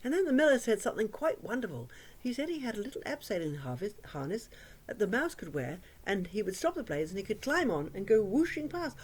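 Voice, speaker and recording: A woman telling a children's story in an expressive, sing-song way, dropping to hushes for drama. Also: mid-range voice, fast talker, slightly rough. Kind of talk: oral storytelling for young children.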